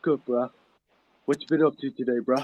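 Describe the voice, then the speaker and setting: A man's voice: mid-range voice, fairly even intonation, normal speed, no echo, dull audio. A man trading crude, teasing mock insults in casual banter on a live stream.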